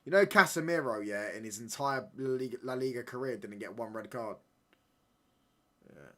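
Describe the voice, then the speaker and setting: A young man live-streaming a football watchalong, reacting excitedly and bantering with viewers in slangy chat. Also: fairly low pitch, moderate pace.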